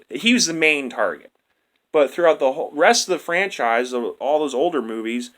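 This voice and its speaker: Bright-voiced ranting man. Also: on the high side. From United States. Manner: crude, slangy and exasperated, says "dude" a lot. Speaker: movie reviewer. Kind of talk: casual rant.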